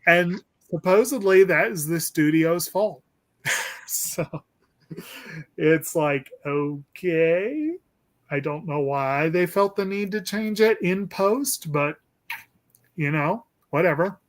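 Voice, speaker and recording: A man's voice: high voice, slow pace. A man hosting a casual movie discussion, rambling and hesitant with lots of ums and restarts. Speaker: podcast host.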